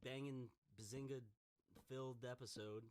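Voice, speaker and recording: A man's voice: medium pitch, fairly even intonation, normal speed. A young man co-hosting a podcast in loose, rambling casual chat. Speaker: podcast co-host.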